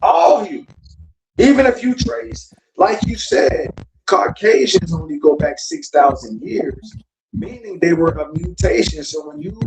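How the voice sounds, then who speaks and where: A man's voice: on the high side, expressive, measured pace, darkish tone. A man from South Florida hosting a casual livestream talk, lecturing bluntly and with profanity to his chat. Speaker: podcast host. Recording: echoey room with faint noise.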